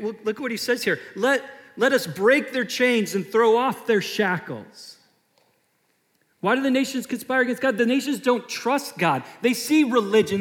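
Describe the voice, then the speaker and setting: A man in his thirties preaching a sermon as a pastor, emphatic and animated, often repeating himself. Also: on the high side. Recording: long hall reverb.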